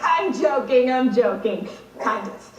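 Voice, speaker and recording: On a big hall's competition stage, a teen girl competing in speech performs a dramatic monologue with sardonic, wry storytelling. She sounds high and animated yet keeps a measured pace. The distant recording echoes around the hall, and there's background noise.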